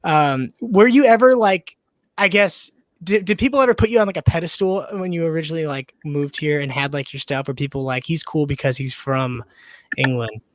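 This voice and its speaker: A man's voice: fairly high pitch, fairly quick. A young man hosting a podcast, chatting casually and rambling with lots of "like" and "you know". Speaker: podcast host. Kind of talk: casual interview chat.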